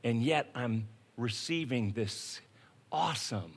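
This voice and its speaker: A pastor with a mid-range, husky, creaky voice preaches slowly. He makes his point through everyday stories, animatedly acting out the scenes.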